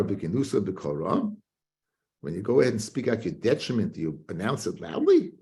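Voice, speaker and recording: Man, rabbi, Talmud class, gravelly voice, animated singsong. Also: mid-range voice. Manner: animated, chanting study singsong with frequent restarts.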